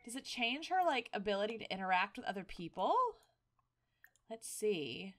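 A woman hosting a casual game playthrough, excitable and quick to gasp and laugh as she reacts. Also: mid-range voice. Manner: excitable, frequent gasps and laughter. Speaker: gaming video host. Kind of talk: casual let's-play commentary.

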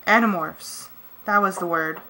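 A woman reading a first-person novel aloud as a fan audiobook, with brisk, tense storytelling. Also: fairly low pitch, sharp tone, slight background noise, low-quality recording. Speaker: audiobook reader.

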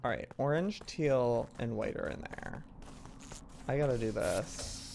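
A man's voice: mid-range voice, a little slow, gravelly, heavy background noise. A man in his thirties, chattering to himself while playing an online game. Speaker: gaming video host. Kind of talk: casual gameplay commentary.

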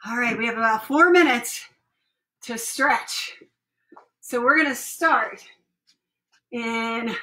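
High, bright mom counting workout reps. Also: female voice. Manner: cheerful, encouraging instructions and steady counting. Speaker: mother leading a family workout. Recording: echoey room, voice from far off the mic.

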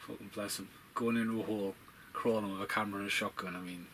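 Profane, rambling man, low voice. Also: fairly bright tone, a little hiss or hum, low-quality recording. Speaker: film commentary podcaster. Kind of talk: casual movie commentary.

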